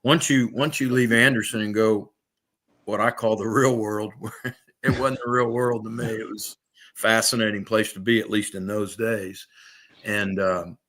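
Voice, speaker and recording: Older ex-coach; low-pitched, soft-spoken reminiscer. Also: male voice, steady tone, moderate pace.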